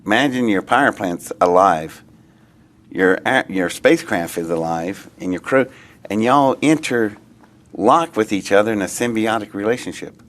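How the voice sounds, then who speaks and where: A man being interviewed, telling a long story in a rambling, excitable way that often trails off and starts again. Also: fairly low pitch, normal speed. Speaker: interviewee recounting an experience.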